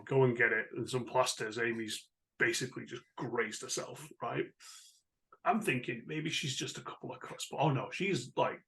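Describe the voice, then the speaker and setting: Gravelly-voiced podcast host. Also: male voice, mid-range voice, a bit bright. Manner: friendly, chatty, laughing. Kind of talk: casual chat.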